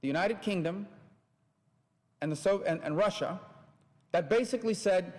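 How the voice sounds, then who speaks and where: A man with a fairly high voice gives a formal speech, measured and explanatory. The archive recording carries a long hall reverb. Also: darkish tone. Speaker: politician giving a speech.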